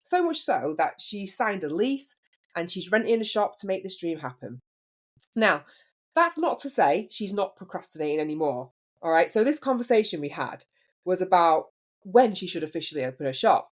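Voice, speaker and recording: A woman's voice: lowish voice, very animated, normal speed. A woman hosting a solo podcast as a business coach, telling a story in a chatty way and putting questions to the listener.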